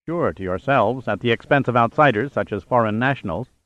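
A man's voice: medium pitch, a little fast, dry recording, muffled recording, close to an everyday voice. A man voicing a blunt, frank American intelligence chief. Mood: stern. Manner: curt, frank.

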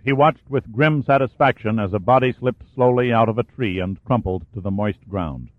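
A man reading a war thriller aloud as an audiobook narrator, in steady storytelling. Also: mid-range voice, moderate pace, no echo. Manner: steady storytelling, lifts and raises his voice for shouted dialogue. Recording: dry, tinny phone-like sound.

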